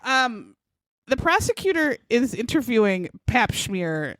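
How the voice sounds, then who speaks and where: A woman's voice: fairly high pitch, a little slow, dry recording. A woman co-hosting a true-crime podcast, animatedly retelling a case in casual chat. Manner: animated retelling, acts out quotes in shouted voices. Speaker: podcast co-host.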